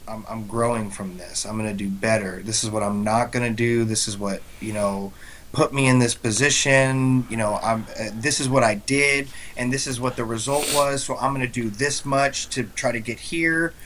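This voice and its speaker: A man's voice: medium pitch, fairly even intonation, moderate pace, a bit bright, a little hiss or hum, poor audio. A young man co-hosting a casual podcast, speaking in an earnest, heartfelt way with many "you know"s. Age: young adult. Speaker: guest co-host.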